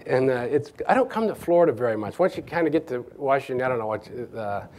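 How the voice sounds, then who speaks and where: A middle-aged man from Nebraska giving an evening lecture as guest speaker, halting with many restarts and chuckling through his anecdotes. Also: mid-range voice, lively intonation, a little mellow. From Nebraska, USA.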